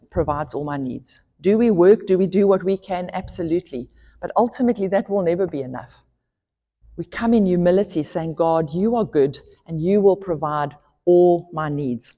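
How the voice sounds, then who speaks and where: A South African woman pastor preaches in a church hall, earnest and emphatic, growing more forceful when she reads scripture. Her voice is lowish and brisk. The recording is muffled and carries church hall reverb.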